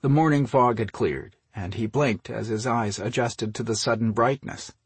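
A man reading an audiobook story in a steady, measured narration. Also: medium pitch, slightly rough, dry recording. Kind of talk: scripted narration.

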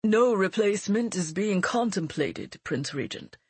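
A woman's voice: medium pitch, animated, unhurried, darkish tone, slightly rough, no echo, full character voice. Woman doing an older white-haired minister. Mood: formal.

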